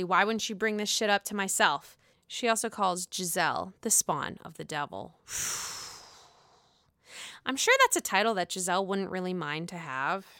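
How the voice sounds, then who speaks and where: Woman venting about a reality show, bright crisp voice, dry close sound, swears a lot. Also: on the high side, dry recording. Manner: opinionated, exasperated, swears freely. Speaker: reality TV recap vlogger. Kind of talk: casual profane recap commentary.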